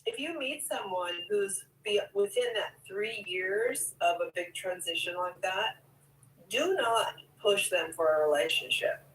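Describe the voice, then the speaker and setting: A woman's voice: mid-range voice, a little slow, fairly bright tone, slight background noise, low-quality recording. Teasing woman giving blunt advice. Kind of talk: casual livestream chat.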